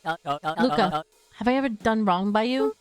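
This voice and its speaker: A woman streamer voicing Mister Tolliver, a sly middle-aged man who talks in a coaxing, falsely friendly way. Soft music plays behind. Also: animated, unhurried, smooth, natural voice. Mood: persuasive. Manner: coaxing, falsely friendly, drops low to sound ominous. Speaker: streamer reading an interactive story.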